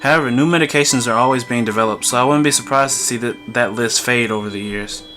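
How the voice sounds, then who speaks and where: A man voicing a calm middle-aged male hospital doctor who explains things in a measured, reassuring way. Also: mid-range voice, faint music behind, close to an everyday voice.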